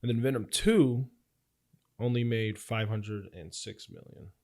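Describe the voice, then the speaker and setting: A young man co-hosting a podcast in casual chat, earnest and agreeable, who often answers with a quick yeah. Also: on the low side, darkish tone. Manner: agreeable, frequent yeahs, earnest. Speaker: podcast co-host.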